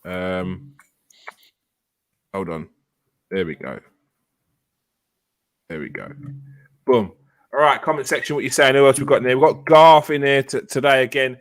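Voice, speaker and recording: A man hosting a live fan show, chatty, excitable and teasing as he greets guests and reads comments. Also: medium pitch, unhurried, long pauses. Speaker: host. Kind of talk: casual live show chat.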